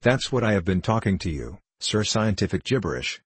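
A man's voice: lowish voice, sing-song, fairly quick, slightly rough, no room sound. A man voicing a sarcastic, blustering older professor in an audiobook reading. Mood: raging. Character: irascible older male professor, short and powerful.

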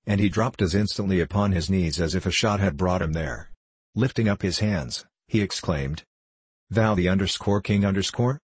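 A man narrating an audiobook in a measured storytelling manner. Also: sits low, slightly rough, dry recording, low-quality recording.

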